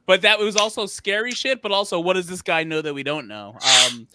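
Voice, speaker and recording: A man's voice: sits high, brisk, over a noisy crowd. A man hosting a casual movie reaction podcast, loose and laughing, swearing freely. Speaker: podcast host.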